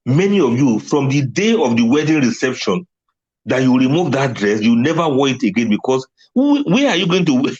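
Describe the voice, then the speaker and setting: A man's voice: mid-range voice, very animated, fairly quick, darkish tone, muffled recording. A man giving a religious talk on letting go, emphatic and often laughing at his own points. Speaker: Islamic speaker.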